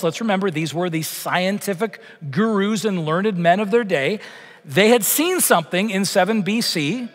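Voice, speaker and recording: A man's voice: high-pitched, a bit bright, in a large hall. A man preaching a sermon as pastor, emphatic, asking rhetorical questions and driving points home with repetition. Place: church sanctuary.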